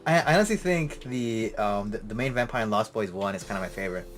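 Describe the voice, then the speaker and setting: A man's voice: on the low side, animated, quick pace, soft background music. A man co-hosting a casual podcast chat, teasing with dry humor and often restarting his sentences. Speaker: podcast co-host.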